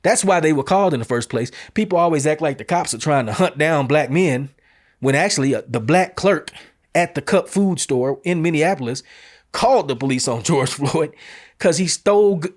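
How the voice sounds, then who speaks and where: A man's voice: a little high, lively intonation, normal speed. A man hosting an opinion commentary show, talking bluntly and emphatically in casual street phrasing. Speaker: show host.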